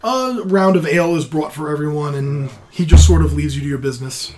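A dungeon master talking players through a tabletop game from a home table. The voice is mid-pitched and chatty, with easy laughs between lines. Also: a little fast, darkish tone.

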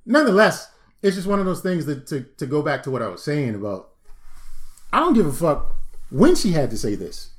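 A man co-hosting a podcast in casual chat, animated, profane and joking. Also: on the high side, fairly quick. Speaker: podcast co-host.

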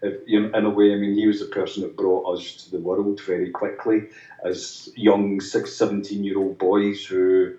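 A man with a lowish voice tells stories as an interview guest, circling back and restarting often. He slips into the voices of the people he quotes. He sits away from the mic in a roomy space, and the sound is dull. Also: little pitch movement, moderate pace, mellow, distant mic. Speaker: musician guest. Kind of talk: anecdotal interview chat.

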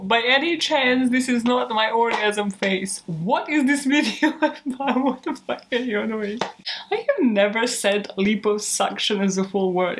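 A woman's voice: medium pitch, slight background noise. A young adult woman hosting a true crime show, chatting casually at home in outtakes, rambling and swearing with self-mocking laughs. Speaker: true crime podcast host.

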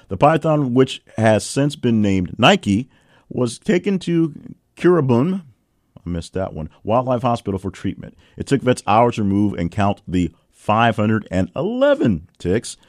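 Lively low-voiced male news host. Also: no echo, studio quality. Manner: reads headlines with wry asides and lively swings in pitch. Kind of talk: casual news roundup reading.

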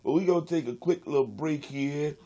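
A man's voice: on the high side, a little fast, dark tone, lo-fi sound. A man hosting a podcast, talking in a laid-back, teasing way. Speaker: host. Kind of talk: casual podcast chat.

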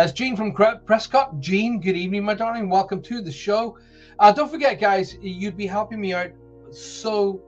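Man, soft Northern Irish accent, rambling live-show host, fairly high voice, dull lo-fi sound, faint music behind. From Northern Ireland. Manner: chatty, rambling, reads messages aloud with put-on voices.

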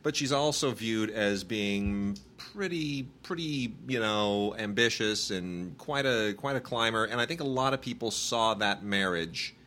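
A man's voice: on the low side, unhurried, few pauses, bright, forceful tone. A man in his thirties, a podcast co-host, chatting casually about movies and rambling with many restarts. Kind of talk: casual chat reviewing movies.

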